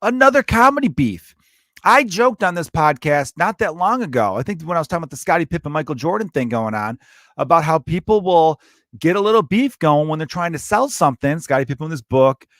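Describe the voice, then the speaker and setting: A man's voice: fairly high pitch, expressive, fairly quick, a bit bright, no echo, clean studio sound. A young man hosting a solo podcast, talking in a rambling, profane and jokey way. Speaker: podcast host. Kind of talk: casual solo podcast talk.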